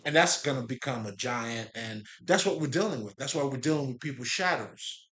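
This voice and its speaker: Brisk and a bit bright, this man's middle-pitched voice carries a loose monologue on spiritual matters. As a spiritual talk host, he wanders off topic, swears, drops street slang, and laughs before resuming his thread.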